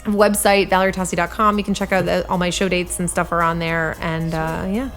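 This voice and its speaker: A woman's voice: fairly low pitch, fairly even intonation, fast talker, a bit bright, soft background music. A young woman from New England, a stand-up comedian telling stories about her dad in a casual podcast chat, swearing freely and acting out his lines. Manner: swears freely, acts out her dad's lines with big laughs.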